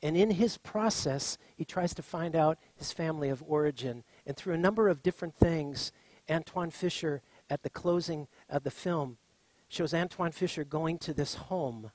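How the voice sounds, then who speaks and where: A middle-aged man preaching a sermon as pastor, impassioned, swinging from loud declarations to soft, quiet words. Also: a little high, moderate pace, no room sound.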